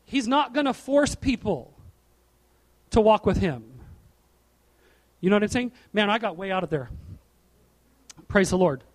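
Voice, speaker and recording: A middle-aged man preaching a sermon from a church platform, animated and asking the congregation questions. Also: sits high, unhurried, pauses often. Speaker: pastor.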